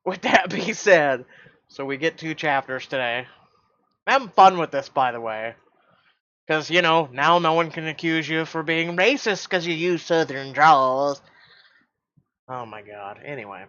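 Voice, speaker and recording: A man's voice: fairly high pitch, a little slow, sharp tone. A man reading a story game aloud and chatting in a casual, joking way. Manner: joking, casual, swears freely. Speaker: game playthrough reader and YouTuber. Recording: dull lo-fi audio.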